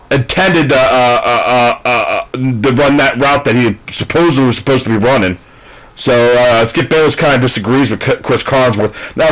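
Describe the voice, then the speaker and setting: A man's voice: mid-range voice, a bit bright, poor audio. A man ranting through a sports recap, profane, frustrated and rambling. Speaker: sports commentator.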